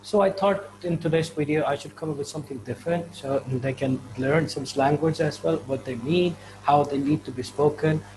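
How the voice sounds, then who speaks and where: A man teaching slang in a casual online lesson, chatty, often checking in with "right?" and slowing down to repeat examples. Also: a little high, noisy background. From India. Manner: chatty, repeats examples slowly, frequent "right?" and "you know". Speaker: English teacher.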